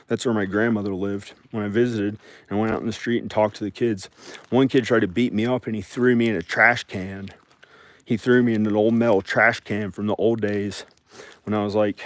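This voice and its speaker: A man in his forties with a somewhat low voice. He talks in a loose, rambling way, circling back over the same phrases and restarting his sentences as he goes. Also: dry recording. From American South. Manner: meandering, repeats phrases and restarts often. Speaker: vlogger. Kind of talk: rambling casual vlog monologue.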